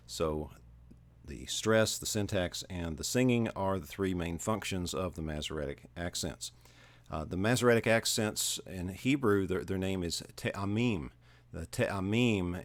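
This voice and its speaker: Speaking in a low-pitched voice, a man delivers a livestream lecture step by step, keeping a measured pace broken by frequent filler pauses.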